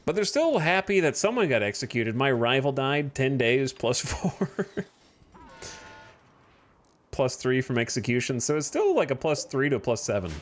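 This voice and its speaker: A man's voice: medium pitch, big pitch swings, normal speed, few pauses. A man streaming a game, chatting casually and thinking aloud about his next moves. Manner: thinks aloud while playing, chatty and easygoing. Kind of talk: casual gameplay commentary.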